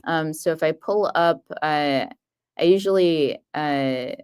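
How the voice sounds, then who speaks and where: A woman's voice: deep voice, slow pace, a little mellow, smooth. A woman speaking as a guest expert on a live coding stream, hesitant and thinking aloud. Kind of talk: live coding demo, casual.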